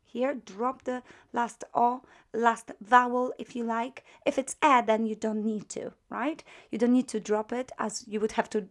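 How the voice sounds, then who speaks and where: Slow-talking woman teaching a grammar lesson. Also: a little high, level tone. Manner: slow, patient, repeats words to drill them. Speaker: language teacher.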